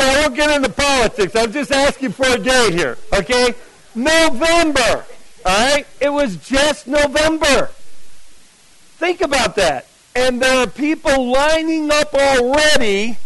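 A middle-aged man from New Jersey, whose accent has mostly worn off, preaches at a camp meeting in a fairly high voice. He talks to the congregation like a storyteller, full of asides and questions. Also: rough recording. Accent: mixed American, mostly lost New Jersey. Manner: chatty storyteller, animated asides to the audience. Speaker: pastor. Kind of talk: sermon.

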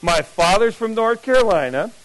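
A man's voice: high voice, moderate pace, soft background music, low-quality recording. A middle-aged man from New Jersey preaching a sermon at a camp meeting, telling chatty stories with asides to the congregation. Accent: mixed American, mostly lost New Jersey. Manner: chatty storyteller, animated asides to the audience. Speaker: pastor.

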